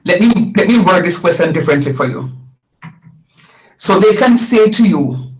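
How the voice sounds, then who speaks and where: A man's voice: high voice, animated, normal speed, low-quality recording. A middle-aged man teaching a live math lesson, repeating phrases and quizzing his students as he explains.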